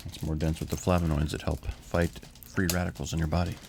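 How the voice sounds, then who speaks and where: A man's voice: rumbling low, level tone, fast, vocal fry, background noise. A man co-hosting a casual podcast, joking, teasing and swearing while tasting snacks. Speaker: podcast co-host.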